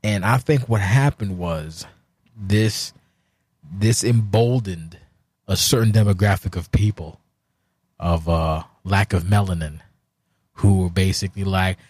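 A man's voice: deep voice, a little slow, pauses often, a little mellow, husky, no echo, studio quality. A man hosting a podcast in a rambling, offhand, profane casual chat, drinking a beer as he records. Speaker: podcast host.

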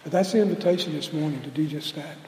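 A man preaching a sermon as pastor, slow and deliberate, building to loud emphatic peaks. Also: a little high, a little hiss or hum. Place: church sanctuary. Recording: roomy hall reverb with faint ambience.

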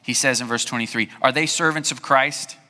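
Bright-voiced man preaching in a hall. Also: mid-range voice, a little fast. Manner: conversational preaching with rhetorical questions. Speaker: pastor. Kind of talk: sermon.

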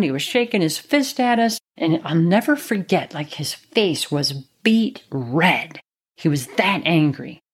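Her voice is on the low side with a darkish tone as she tells a personal childhood story earnestly and reflectively, then draws advice from it. She uses an occasional "you know" as filler, speaking as someone offering life advice.

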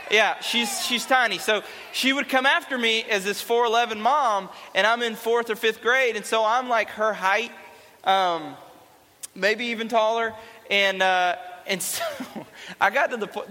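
A man's voice: high voice, a little slow, sharp tone, a little hiss or hum. A young man giving a playful, chatty youth talk to a live audience in a large hall. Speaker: youth speaker.

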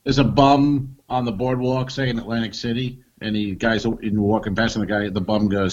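Casual swearing comedian, lo-fi sound. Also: male voice, on the low side, steady tone, moderate pace, hardly any pauses, darkish tone. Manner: loose storytelling, swears freely. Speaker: comedy podcast co-host.

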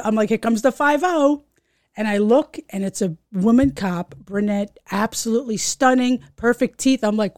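A middle-aged woman, co-hosting a podcast and telling a story in casual chat, animated, swearing and acting out voices. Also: a little high, fairly quick, no echo, studio quality. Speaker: podcast co-host.

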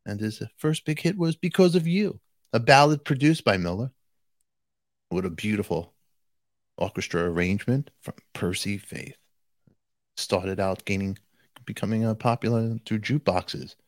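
This channel host has a lowish voice and talks at a normal speed, leaving long pauses. He's jokey and animated, speaking directly to his viewers in a dry recording.

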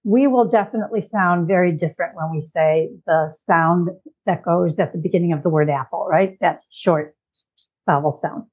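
A woman's voice: on the low side, normal speed. A middle-aged woman from Chicago, a guest expert, patiently explaining ideas with examples in conversation. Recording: tinny phone-like call audio.

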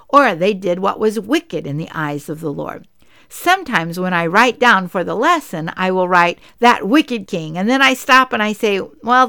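Woman doing a bible lesson for ladies, earnest, smooth clear voice, dry close sound. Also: medium pitch, fairly bright tone, dry recording. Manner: earnest, lifts her voice for quoted speech. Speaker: Bible study teacher. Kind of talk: Bible lesson reading scripture aloud.

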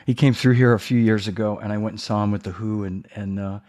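A man, a drummer, in casual conversation, talking eagerly with halting starts and agreeable replies. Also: lowish voice, fairly even intonation, darkish tone.

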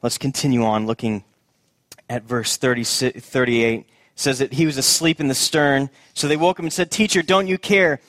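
A man preaching a sermon as pastor, earnest and repeating his key phrases, dropping soft and low at tender moments. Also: steady tone, moderate pace, no room sound, studio quality.

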